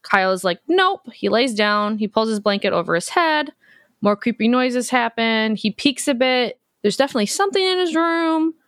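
A woman in her thirties co-hosting a podcast, recapping a horror film in a lively, profane, joking way. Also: on the high side, moderate pace, clean tone, dry recording, studio quality. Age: 30s. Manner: profane, animated storytelling. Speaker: podcast co-host.

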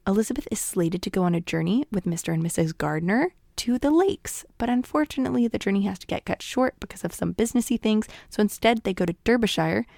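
A woman's voice: medium pitch, expressive, fast talker, vocal fry, hardly any pauses, darkish tone, no room sound, clean studio sound. A woman casually retelling a story in a chatty way, full of asides to listeners. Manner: chatty, full of "like" and "you guys".

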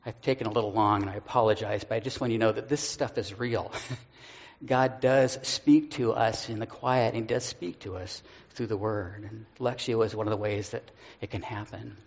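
A man's voice: lowish voice, fairly even intonation, moderate pace, dull audio. A man, a pastor, sharing a personal story in a sermon, earnest and self-deprecating, with stammered restarts.

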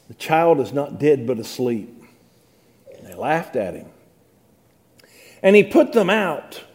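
Mellow-voiced man preaching a sermon. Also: a little high. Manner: dramatic Bible reading, rising to emphatic preaching. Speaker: pastor.

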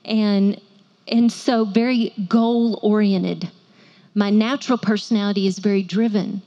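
A woman's voice: a little high, dark tone, highs cut off. A woman, preaching to women with playful asides and call-and-response. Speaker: women's ministry speaker. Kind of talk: sermon to a women's audience.

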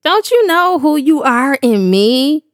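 A woman's voice: high voice, sing-song, takes it slowly, no room sound, clean studio sound, heavily acted. A woman voicing God as a loving but stern male figure who chides affectionately. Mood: chiding. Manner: scolding yet affectionate.

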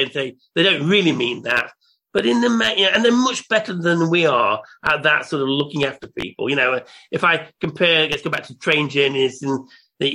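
A man hosting a relaxed interview, with a somewhat raised pitch and a bright, forward tone. He chats easily and steers the talk with questions. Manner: leading questions, chatty. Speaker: interview host. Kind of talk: casual conversational interview.

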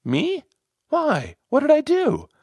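A man plays an earnest male manager being coached, eager and a bit unsure of himself. His voice rises in surprised questions, with a lively, up-and-down pitch, and sounds dry and close. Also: moderate pace, no room sound. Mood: questioning.

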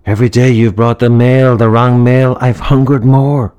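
A man's voice: medium pitch, level tone, moderate pace, darkish tone, clear, resonant tone, pitched above the performer's own voice, lightly acted. A man voicing a seductive female vampire housewife, purring and sultry. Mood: hungry.

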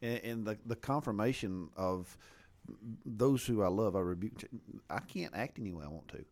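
Steady affirming man. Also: on the low side, normal speed. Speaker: discussion partner. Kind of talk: casual faith discussion.

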